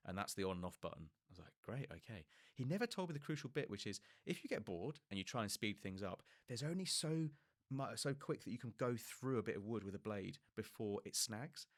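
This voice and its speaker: A young man with a lowish voice rattles through his work mishaps at high speed, mocking himself and swearing freely. He acts out the people in his stories with sudden jumps in pitch. His voice is close to the mic in a dry, deadened room. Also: lively intonation, a little fast, no echo. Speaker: podcast guest telling stories. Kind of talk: casual comic storytelling.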